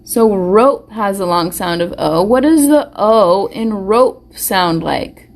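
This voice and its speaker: A woman teaching a live online phonics lesson to young children, slowly sounding out words and praising them warmly. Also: medium pitch, animated. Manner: slow, encouraging, sounds words out carefully. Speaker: preschool teacher. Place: school or home classroom, live stream.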